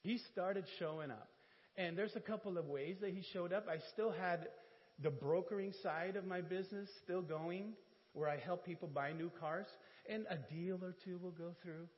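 A man giving an animated sermon testimony in church, telling stories with laughs and self-deprecating asides. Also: high voice, moderate pace. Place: church hall. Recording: dull church hall audio with reverb.

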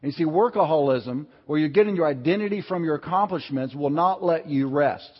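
A man's voice: on the high side, brisk, breathy edge. A pastor preaching a sermon, telling personal stories and asking his congregation questions. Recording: dull sound with long hall reverb.

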